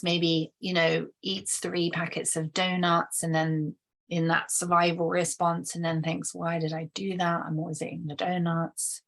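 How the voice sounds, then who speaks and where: Reflective woman explaining, lowish voice. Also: a bit bright. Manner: thoughtful, acts out quoted voices, many restarts. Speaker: relationship educator. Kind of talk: explaining to camera, casual.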